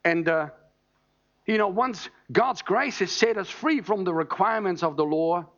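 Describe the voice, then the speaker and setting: A high-pitched man delivers a sermon, teaching with emphasis and pausing to check in with his listeners. The recording sounds dull and muffled. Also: fairly bright tone. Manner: emphatic, teaching, asks "All right?" often. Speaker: preacher.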